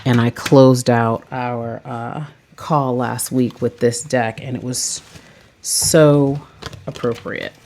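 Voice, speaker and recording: A woman's voice: extremely low pitch, fairly even intonation, slow, a little mellow, slight background noise. A woman chatting casually about her tarot decks, rambling and saying "like" a lot. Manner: chatty, rambling, says "like" often. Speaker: tarot reader and vlogger. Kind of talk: casual chat.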